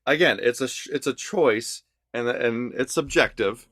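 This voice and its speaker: A male songwriter co-hosting a music reaction podcast. He talks at a middle pitch, loosely and self-deprecatingly, and often restarts his sentences as he works out his thoughts. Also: moderate pace, fairly bright tone, dry recording, studio quality. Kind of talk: casual music reaction chat.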